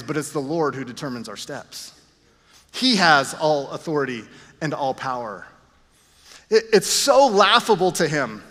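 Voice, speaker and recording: A man's voice: fairly high pitch, sharp tone, big-room sound. A man preaching a sermon, earnest with self-deprecating asides. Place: church.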